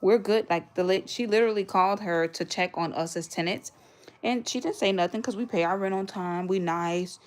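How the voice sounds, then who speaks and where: A woman's voice: mid-range voice, brisk. Chatty woman livestreaming from home. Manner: chatty storyteller, thanks viewers for gifts mid-story. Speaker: livestream host. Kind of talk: casual livestream chat. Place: home, near a radiator.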